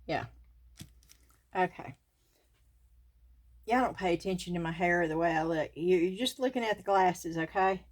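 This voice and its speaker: A woman's voice: lowish voice, moderate pace, long pauses, no echo. An older woman with a Southern US accent, hosting a casual craft unboxing and chatting to her viewers with frequent giggles. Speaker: craft channel host.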